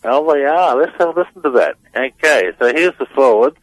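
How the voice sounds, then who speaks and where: A man's voice: mid-range voice, lively intonation, brisk, no echo, low-quality recording. A male guest on a radio show, walking listeners through audio clips. He hesitates often with "uh" and "so" and sounds amused, recorded dry and close. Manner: hesitant, many fillers, amused. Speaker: guest analyst.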